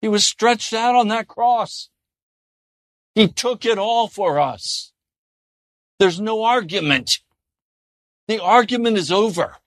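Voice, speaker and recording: A man preaching a sermon in an earnest way, often dropping to a soft, gentle tone. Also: sits high, expressive, takes it slowly, long pauses, no echo, clean studio sound. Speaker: pastor.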